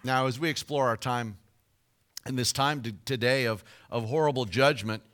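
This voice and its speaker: A man preaching a sermon, telling a joke story with big swings in volume and slow, emphatic scripture reading. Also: a bit bright. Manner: dynamic storytelling with sudden shifts of volume and pitch.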